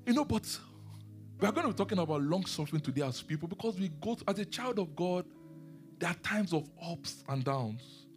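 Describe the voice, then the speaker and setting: Preacher guy giving a sermon, high voice, lively, asks the crowd stuff, faint music behind. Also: a little fast. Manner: animated, questions the audience, laughs often. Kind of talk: sermon, Bible teaching.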